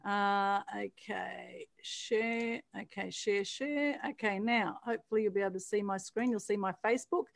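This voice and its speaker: A woman hosting an online meetup over a video call, bubbly and quick to laugh and praise. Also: mid-range voice, creaky. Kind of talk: casual group video call chat.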